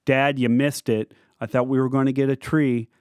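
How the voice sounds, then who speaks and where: A man voicing an exasperated teenage girl, an older sister who complains in a sarcastic, deadpan way, with a dry close sound. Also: medium pitch, moderate pace, clear, resonant tone, no echo, lightly acted. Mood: disappointed.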